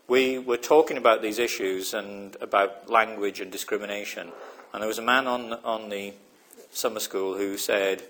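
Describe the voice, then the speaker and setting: A man's voice: fairly low pitch, fairly even intonation, normal speed, fairly bright tone. A man giving a lecture in a reflective, hesitant way, often asking his listeners whether they follow. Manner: reflective, checks understanding with repeated questions; hesitant, many fillers and restarts. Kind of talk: recorded lecture.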